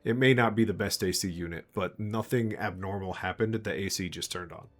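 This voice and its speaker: A man's voice: low voice, brisk, a bit bright. A man narrating as game master of a tabletop game, loose and full of fillers, chuckling often.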